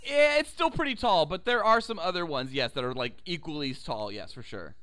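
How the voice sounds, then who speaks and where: A young man chats on a podcast, excitable and profane, with a high, bright voice that leaps all over the place. His voice is close and dry. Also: brisk, clear, resonant tone, no room sound. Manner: excitable, profane, reenacts movie scenes. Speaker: podcast co-host. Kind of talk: casual chat.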